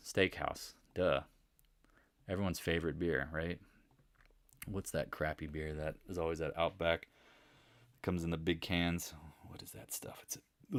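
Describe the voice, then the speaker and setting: A man's voice: fairly low pitch, dry recording, clean studio sound. A middle-aged man hosting a casual live stock market recap, joking and mimicking imagined viewers in put-on voices. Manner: animated, jokey, mimics imagined viewers and accents.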